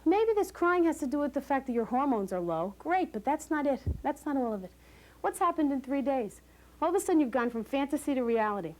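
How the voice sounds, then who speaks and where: A woman leading a postpartum class for new parents, talking in an animated way, acting out quoted voices and laughing often. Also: high voice, fairly quick. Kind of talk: lively educational talk to new parents. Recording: hissy 1980s VHS recording.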